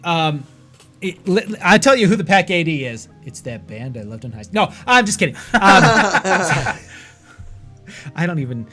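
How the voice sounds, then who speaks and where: A man's voice: high voice, very animated, a little slow, bright, forceful tone, soft background music. A man hosting a casual album review chat, rambling and joking with frequent laughs. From US (Idaho). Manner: jokey, rambling, laughs often. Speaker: podcast host.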